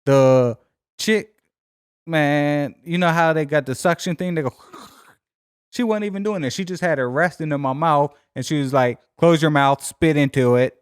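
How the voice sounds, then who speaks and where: Animated, cursing man telling a story. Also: a little high, moderate pace, clear, resonant tone, no room sound, clean studio sound. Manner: animated, profane, acts out both sides of conversations. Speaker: podcast co-host. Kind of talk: casual storytelling chat.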